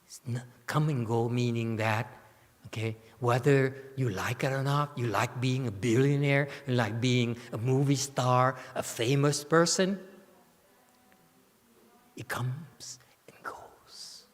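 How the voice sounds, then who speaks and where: Long reverb fills the temple lecture hall where this man, speaking unhurriedly at a medium pitch, comments on a Buddhist sutra as a teacher. He keeps checking in with "okay?" and tosses playful teasing asides at his listeners.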